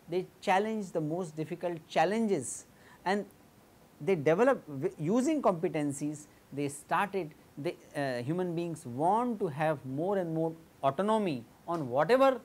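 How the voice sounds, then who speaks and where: A woman with an Indian English accent giving an academic lecture in a measured, explanatory way, often pausing with fillers and restarting sentences. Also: deep voice.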